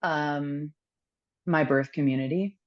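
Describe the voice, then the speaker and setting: On a dull, lo-fi podcast recording, a woman with a notably low voice tells an honest story about herself, her intonation staying fairly even. She's earnest and introspective, often stopping and reaching for ums between thoughts.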